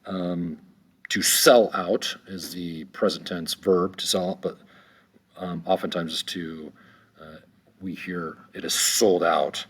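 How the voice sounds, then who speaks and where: A man teaching an unscripted vocabulary lesson, halting with many ums and slowly repeating words. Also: sits low, steady tone, a bit bright, breathy edge.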